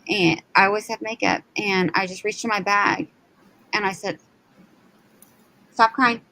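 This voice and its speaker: A woman's voice: mid-range voice, steady tone, normal speed, vocal fry, bright, forceful tone, poor audio. A woman, telling a personal story in casual chat and acting out quotes. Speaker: live show co-host.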